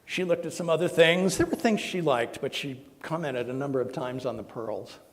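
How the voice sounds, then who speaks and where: Minister telling a story in a reverberant hall. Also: male voice, a little high, moderate pace. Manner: earnest, emotional storytelling with soft quoted voices. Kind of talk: sermon storytelling. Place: church sanctuary.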